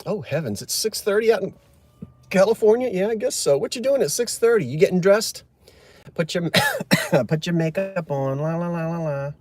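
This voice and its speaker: A man's voice: sits high, expressive, moderate pace, darkish tone. A man chatting casually on a live stream, joking and answering viewer comments. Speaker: livestream host.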